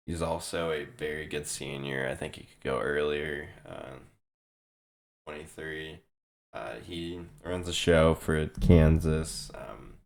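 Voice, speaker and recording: A young man giving casual, rambling reaction commentary on basketball prospects, restarting his sentences often while he is losing his voice. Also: a bass voice. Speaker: sports video host.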